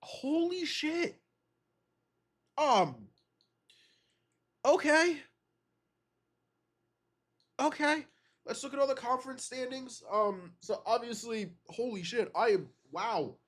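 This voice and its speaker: A man with a cold, reacting to simulated game results in an excitable, disbelieving way and swearing often. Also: very high-pitched, takes it slowly, long pauses. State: has a cold. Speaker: gaming video creator.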